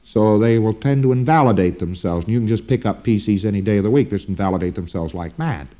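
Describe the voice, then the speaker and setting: A man's voice: on the low side, quick pace. A man giving an informal recorded lecture in a rambling way, often tagging his points with "see?", on a dull old lo-fi tape.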